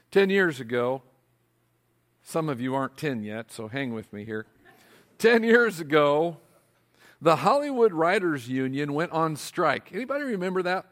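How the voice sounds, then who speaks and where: A male pastor preaching a sermon, asking his congregation rhetorical questions in an animated way. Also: on the high side.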